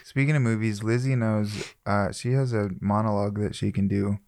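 A man's voice: fairly low pitch, fairly even intonation, normal speed, darkish tone, no room sound. Fields: dry-sounding man, teasing podcast host. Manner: teasing, eager show promoter. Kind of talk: casual chat.

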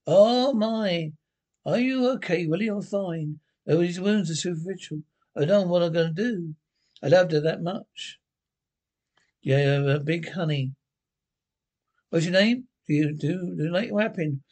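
Sitcom role: a nosy, blunt pensioner, sweary and quick with banter, voice a touch high. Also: male voice, a little mellow. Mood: gossipy. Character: grumbling older Glasgow pensioner, nosy and sharp. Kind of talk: TV sitcom acting.

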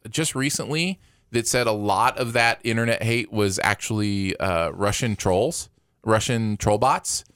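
A young adult man co-hosting a casual movie podcast, enthusiastic and animated as he tells stories. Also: lowish voice, measured pace, clear, resonant tone, no echo, clean studio sound. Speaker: podcast co-host.

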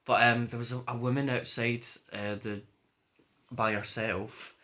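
Bright-voiced teasing Scottish man. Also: medium pitch, little pitch movement, unhurried. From northern Britain. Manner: teasing, laughs a lot. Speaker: podcast co-host. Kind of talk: casual chat, storytelling.

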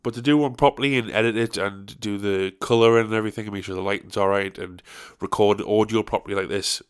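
A man's voice: fairly low pitch, steady tone, fast, clean tone. Tired, sweary man. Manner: rambling, sweary, self-deprecating. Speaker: podcast host. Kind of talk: casual solo podcast chat.

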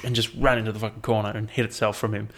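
A young man talks on his solo podcast in an easy, rambling way. His voice sits slightly low, and he drifts from story to story with casual swearing. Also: flat delivery, very fast, fairly bright tone. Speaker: podcast host.

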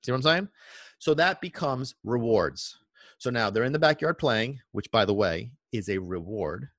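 A man hosts a podcast monologue about dog training in an emphatic, preachy way. He drives points home with rhetorical questions and a constant "okay?". His voice sits at a middle pitch, recorded close and dry. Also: dry recording.

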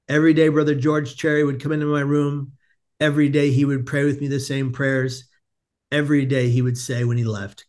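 A man in his forties, a podcast guest, tells a personal story in an animated way, laughing often and restarting sentences. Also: medium pitch, fairly quick.

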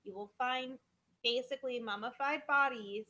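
Woman, casual podcast chat, eager explaining, self-corrects, slightly high. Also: moderate pace, pushed and bright, poor audio. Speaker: podcast co-host.

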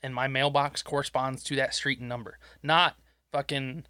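A man's voice: mid-range voice, level tone, normal speed, pushed and bright, dry recording, studio quality. A man co-hosting a podcast, blunt and profane, chiming in during casual chat. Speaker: podcast co-host.

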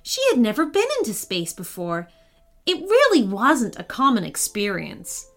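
Lively woman narrating a storybook tale. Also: medium pitch, moderate pace, faint music behind. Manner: lively, expressive read-aloud delivery. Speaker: storyteller host.

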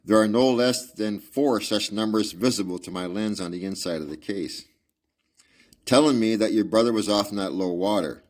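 A man reading aloud as a brilliant, precise Victorian male detective, in a measured, lecturing manner. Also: lowish voice, darkish tone, close to an everyday voice. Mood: explaining. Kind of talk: audiobook reading with asides.

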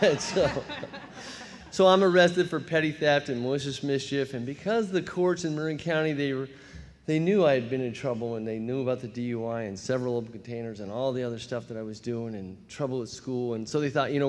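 A man in his fifties from telling his recovery story at a meeting, storytelling with self-mocking laughs and quick put-on voices for his younger self. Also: mid-range voice. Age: 50s. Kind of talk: personal testimony talk. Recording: long hall reverb.

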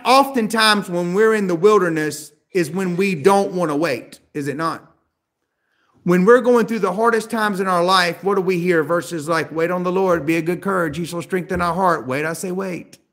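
A man with a high voice delivers a sermon. He drives his points home with rhetorical questions, building to emphatic raised peaks before dropping back to a hushed, quiet delivery. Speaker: preacher.

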